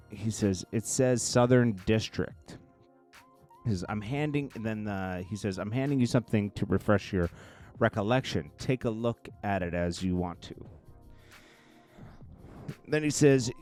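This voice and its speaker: Male commentator, low voice, lively delivery, recaps court quotes over faint music. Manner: reads quotes in a low murmur, then reacts loudly with laughs. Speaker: commentary host reading court testimony. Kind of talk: casual commentary, reading transcript aloud.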